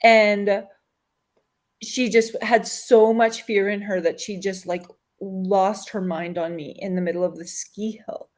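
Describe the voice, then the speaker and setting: A woman chatting on an online talk show, telling a personal story in an earnest, open way. Her voice sits at a middle pitch, and she breaks into light laughs as she goes. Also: fairly even intonation, measured pace. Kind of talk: casual chat.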